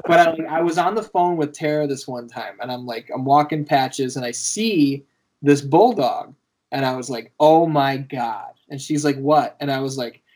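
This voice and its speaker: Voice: medium pitch, moderate pace. A podcast host chatting casually, telling stories with lots of laughter and casual swearing. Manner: animated storyteller, laughs often, swears casually. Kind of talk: casual chat.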